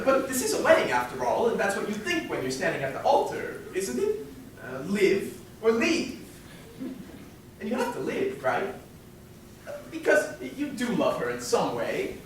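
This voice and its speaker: A man's voice: high voice, fairly bright tone. An actor on stage playing a wistful man who chats to the audience about his favorite record, in a confiding, rambling manner. Heard from a distance in an echoey hall with room noise. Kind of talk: stage musical performance.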